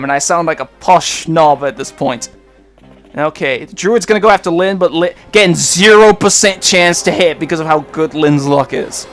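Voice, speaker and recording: A man with a high, light voice talks through a video game in a loose, rambling let's play style, now and then jumping up with excitement. Faint game music plays softly behind him. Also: moderate pace. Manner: chatty and rambling, with sudden excited outbursts. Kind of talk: casual gameplay commentary.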